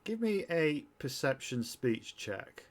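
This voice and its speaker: A man narrating as game master in a tabletop role-playing game, with a relaxed, chatty delivery. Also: fairly high pitch, takes it slowly.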